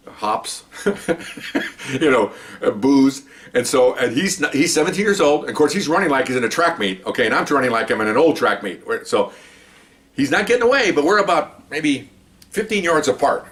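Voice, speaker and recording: A man who was once a police officer, telling a long story in a rambling, animated way and often checking in with "okay?". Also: mid-range voice. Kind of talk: casual spoken storytelling.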